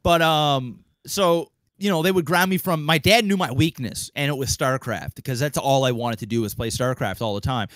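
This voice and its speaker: A young man on a podcast mic, telling a long story in an animated, casual way, swearing freely and acting out the people in it. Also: mid-range voice, moderate pace, few pauses, no room sound. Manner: animated, acts out quoted voices, swears freely. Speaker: podcast co-host.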